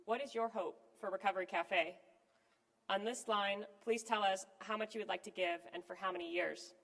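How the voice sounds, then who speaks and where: A woman gives a prepared fundraising appeal at an event, her delivery measured and earnest. Her voice sits at an ordinary middle pitch. A long hall reverb trails after each phrase. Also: fairly bright tone. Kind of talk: scripted fundraising speech. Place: event venue with live and online audience.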